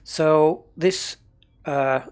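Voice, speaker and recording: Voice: mid-range voice, very slow, darkish tone, smooth. A game livestreamer giving casual, rambling commentary while playing and chatting with viewers. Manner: rambling, chatty, reads and answers viewer chat.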